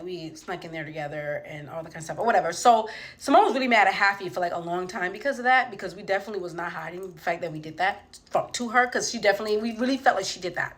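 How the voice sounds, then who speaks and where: A young woman spins a comic story from her own life in a loose, chatty way. She swears freely and jumps into the voices of the people she quotes. Her voice sits in an ordinary middle pitch. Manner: animated, profane, acts out quoted voices. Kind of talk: casual comedic storytelling.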